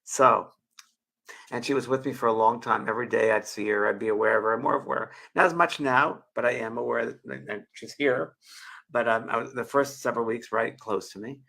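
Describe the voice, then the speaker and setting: Gravelly emotional man in his 60s. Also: mid-range voice, a little fast, bright, forceful tone. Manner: rambling, emotional, with frequent restarts and laughs. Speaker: show host. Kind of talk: heartfelt personal storytelling.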